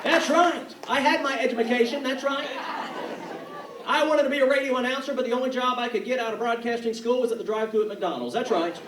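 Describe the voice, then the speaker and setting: A man from North Carolina doing a stand-up comedy set, with a quick, punchy delivery and put-on voices. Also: very high voice, a crowd in the background, noisy background. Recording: echoey room, mic from a distance.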